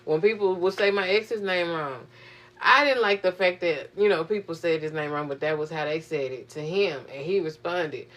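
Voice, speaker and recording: A woman's voice: on the low side, normal speed. Profane, exasperated young woman venting. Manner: profane, animated, exasperated storytelling. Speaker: vlogger. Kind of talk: casual venting monologue.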